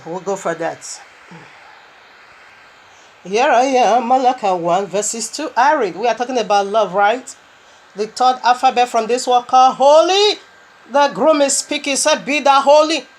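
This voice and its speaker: Woman, preacher, slightly high voice, animated sermon, laughs, speaks in tongues. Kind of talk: sermon with scripture reading.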